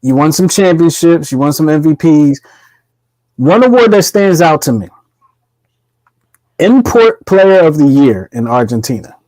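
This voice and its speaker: Slightly high-voiced man hosting a podcast. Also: dry recording, rough recording. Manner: relaxed, asks drawn-out questions. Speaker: podcast host. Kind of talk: casual interview.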